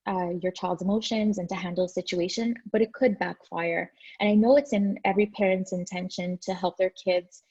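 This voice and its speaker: A woman's voice: medium pitch, dark tone, slightly rough, lo-fi sound. A woman therapist giving an informal, earnest talk with many fillers and restarts.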